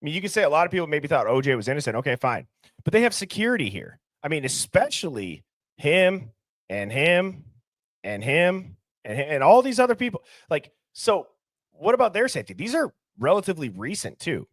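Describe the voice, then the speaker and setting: A man's voice: on the high side, sing-song, fairly quick, dry recording, studio quality. A young man hosting a livestream, talking casually and animatedly, firing off rhetorical questions. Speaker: livestream host.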